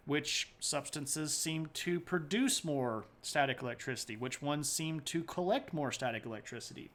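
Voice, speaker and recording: A man with a voice pitched a little above the usual lectures on history for a live stream audience. He keeps it loose and chatty, full of "uh"s and asides, joking along and greeting chat viewers as he goes. The tone is a casual lesson, not a formal one. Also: a bit bright. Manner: loose and rambling with many fillers.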